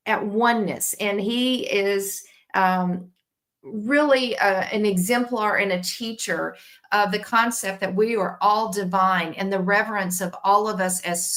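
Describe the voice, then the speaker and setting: A woman with a Tennessee accent reads an oracle card on a live stream. She talks in a meandering, heartfelt way, stopping and restarting often with lots of fillers. Her voice sits at an everyday middle pitch. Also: pushed and bright. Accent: Southern US, Tennessee. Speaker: co-host reading oracle cards.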